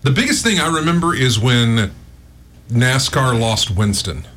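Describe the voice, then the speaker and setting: A man's voice: mid-range voice, expressive, unhurried, fairly bright tone. A man co-hosting a radio talk show, mostly giving short agreeable replies as the sidekick. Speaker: radio co-host.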